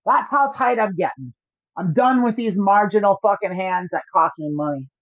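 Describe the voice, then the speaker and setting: A woman's voice: medium pitch, expressive, no room sound. A woman talks through her poker hands on a livestream in a mid-range voice, joking and swearing freely as she explains. The sound is dry and a little dull and lo-fi, with no room around it. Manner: joking, profane, quick to explain. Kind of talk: livestream commentary. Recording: dry, slightly dull lo-fi audio.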